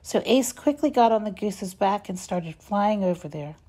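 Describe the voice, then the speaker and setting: A woman reading a children's story aloud, expressive and measured. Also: mid-range voice. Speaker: reader.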